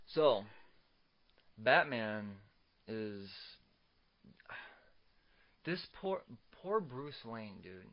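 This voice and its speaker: A man's voice: on the low side, big pitch swings, extremely slow, pauses often, dull audio. A young man co-hosting a casual comics podcast, swearing a lot and stammering through restarts as he rants. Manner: profane, ranting, stammers on restarts. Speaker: podcast co-host.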